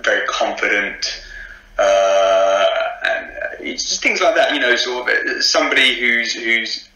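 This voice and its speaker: A man's voice: mid-range voice, a little slow, bright, forceful tone, echoey room, highs cut off. A man with a posh English accent, chatting about his acting work in an interview, with many ums and frequent laughs. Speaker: actor interviewed as guest. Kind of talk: casual interview chat.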